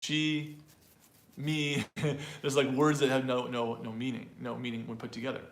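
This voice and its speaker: Man, language teacher, chatty online pronunciation lesson, repeats example phrases, middle pitch, echoey room. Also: flat delivery, measured pace. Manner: loose and chatty, with fillers and small laughs.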